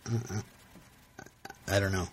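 A man's voice: deep voice, steady tone, slow, breathy edge. A man hosting a podcast, retelling a TV episode in casual chat, rambling with frequent laughs and restarts. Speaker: podcast host.

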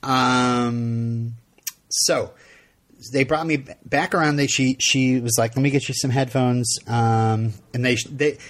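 Podcast co-host, middle-aged man from Vermont, animated storyteller, average pitch. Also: slow. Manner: animated, laughs often, acts out quotes. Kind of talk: casual chat, storytelling.

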